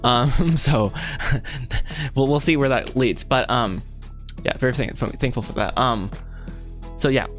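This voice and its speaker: A man's voice: mid-range voice, slow, long pauses, a bit bright, faint music behind. A man chatting casually on a livestream while writing a script, rambling, correcting himself and laughing often. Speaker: animation filmmaker livestreaming his script writing.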